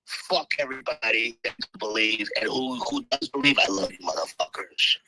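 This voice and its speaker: Against a noisy background, a man with a lowish voice hypes his crypto coin loudly and profanely in a live audio chat. Though tired and half-asleep, he sounds animated, talking at a moderate pace and cursing constantly as the project's promoter.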